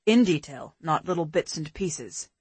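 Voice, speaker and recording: A woman narrator voicing a calm, caring adult man in an audiobook, speaking steadily and methodically. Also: low voice, unhurried, slightly rough, dry recording, pitched below the performer's own voice, exaggerated voice. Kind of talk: audiobook character voice.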